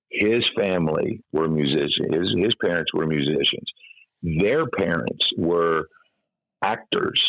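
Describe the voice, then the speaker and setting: Guesting in an interview, a former radio DJ turned comic hypnotist from Kentucky spins casual stories. The middle-aged man's trained radio voice is deep with vocal fry, recorded without room sound but sounding muffled.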